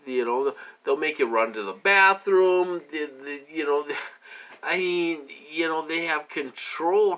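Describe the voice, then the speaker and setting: Rambling man with a bright voice. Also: mid-range voice. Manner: loose, repetitive, heavy with fillers. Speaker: vlogger. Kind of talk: rambling personal monologue to viewers.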